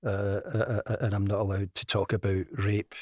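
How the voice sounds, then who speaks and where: An older man with a Glaswegian accent, speaking as a guest in a podcast interview in a measured, matter-of-fact way. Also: lowish voice, flat delivery, dry recording, clean studio sound. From Scotland.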